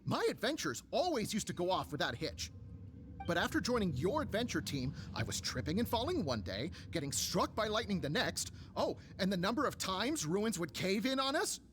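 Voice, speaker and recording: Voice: medium pitch, sing-song, a little fast, noisy background, natural voice. An actor voicing a tired, unlucky veteran adventurer in a game, with a dry, sighing delivery. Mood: weary. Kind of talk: game voice acting.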